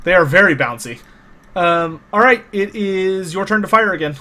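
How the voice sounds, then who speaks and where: A man's voice: high-pitched, animated, moderate pace, pushed and bright. A man narrating as game master of a tabletop game, loose and casual with lots of fillers and restarts.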